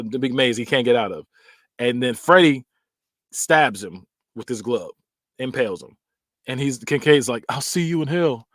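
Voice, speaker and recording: A man of mid-range pitch tells film scenes like a podcast host chatting with friends, loose and slangy. His voice sits dry and close to the mic, with no room sound around it. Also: fairly bright tone, dry recording. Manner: loose, slangy storytelling with acted-out quotes. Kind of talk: casual film recap and ranking.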